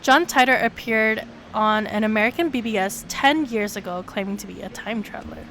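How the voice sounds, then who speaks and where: A woman streamer reading a visual novel aloud, with sudden excited leaps in her voice. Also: brisk, slight background noise. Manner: animated reading with sudden high excited jumps.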